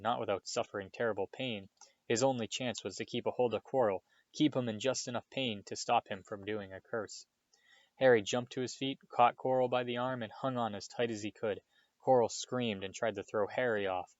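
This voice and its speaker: Low-voiced man reading a story aloud. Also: no echo. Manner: expressive reading with occasional slips. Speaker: reader. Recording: dull dry recording.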